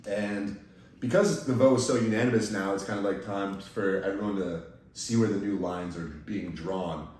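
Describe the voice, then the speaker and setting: Deep-voiced man recapping in a roomy space. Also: moderate pace. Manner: detailed, steady recounting with small restarts. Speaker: podcast host. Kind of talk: casual recap chat. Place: indoor room, in person with guests. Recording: echoey room, mic at a distance, faint noise.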